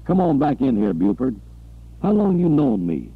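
A man voicing an angry, bullying older captain who yells and demands, in an audiobook. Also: medium pitch, wildly swooping pitch, moderate pace, vocal fry, breathy edge, no echo, narrow, tinny audio, voice pushed up, heavily acted. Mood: angry blustering. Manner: blustering, yelling, domineering.

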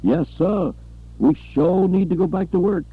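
A man voicing a nervous, pleading male chauffeur who rushes to please, in an audiobook. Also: husky, no room sound, phone-quality sound. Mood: anxious pleading. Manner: high, anxious, hurried pleading.

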